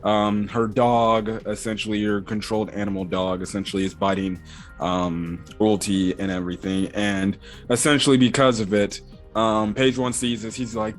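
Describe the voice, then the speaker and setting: A man's voice: fairly low pitch, steady tone, normal speed. A young man giving casual episode-recap commentary in a rambling way, with lots of filler words. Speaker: anime episode reviewer. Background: faint background music.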